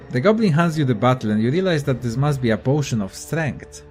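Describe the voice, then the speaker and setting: A man's voice: mid-range voice, animated, brisk, few pauses, a little mellow, soft background music. Casual young man, swearing gamer. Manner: profane, offhand, thinking aloud. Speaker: let's play gamer. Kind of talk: casual gameplay commentary, reading game text aloud.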